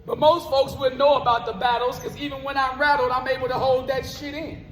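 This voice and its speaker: A man's voice: very high-pitched, little pitch movement, brisk, a bit bright, a little hiss or hum. A man performing spoken word poetry live on stage, with a rhythmic, rhyming delivery. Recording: roomy live venue with long reverb.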